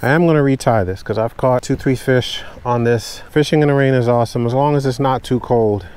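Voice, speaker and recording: A man filming his own fishing trip from a kayak in pouring rain, chatting casually to viewers and getting excited whenever a fish bites. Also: mid-range voice, brisk, clear, resonant tone. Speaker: fishing vlogger. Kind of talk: casual on-the-water commentary. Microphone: camera mounted on the kayak.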